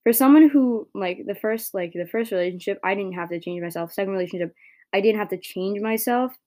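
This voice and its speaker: A woman's voice: medium pitch, brisk, mellow. A young woman hosting a solo podcast, rambling casually and self-deprecating, swearing a lot. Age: young adult. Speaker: podcast host.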